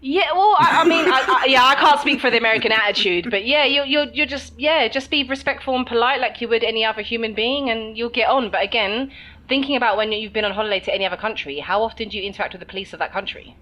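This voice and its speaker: Fairly high and bright, her voice is forceful and quick. She co-hosts a podcast in a London accent, from England, and the talk is a casual chat full of laughter.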